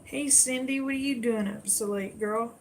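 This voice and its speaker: A woman's voice: a little high, normal speed, a little hiss or hum. An older woman chatting with viewers on a late-night livestream, folksy and tired. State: tired, yawning. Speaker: livestream host.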